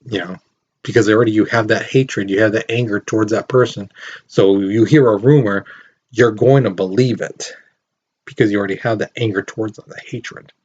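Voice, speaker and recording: A man's voice: on the low side, fairly even intonation, a little fast, a little mellow, slightly rough, highs cut off. A man teaching a recorded history lesson in a casual, rambling way, with lots of fillers.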